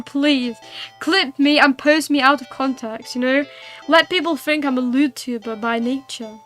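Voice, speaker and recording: A woman's voice: high voice, a little slow, a bit bright, faint music behind. A young woman streaming a game, reading its text aloud and chatting, playful and giggly with cat-like meows.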